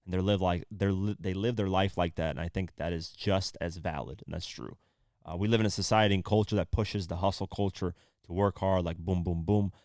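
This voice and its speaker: A man's voice: deep voice, darkish tone, dry recording, studio quality. A man hosting a podcast, casually retelling a story and acting out the quoted lines. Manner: retells stories with quoted voices. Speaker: podcast host.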